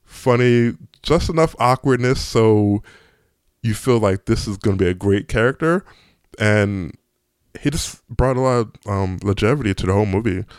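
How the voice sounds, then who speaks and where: A man giving a casual movie review, excitable and chatty, with frequent ums and restarts. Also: fairly low pitch, normal speed, clean tone, no room sound, clean studio sound.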